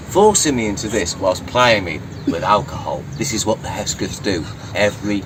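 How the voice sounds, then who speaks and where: A fairly low, animated male voice with a Lancashire accent speaks at normal speed with few pauses. He's from Blackpool, England, works as yacht crew, and is chatting casually as an interview guest, rambling and swearing freely. The mic is distant, with urban background noise.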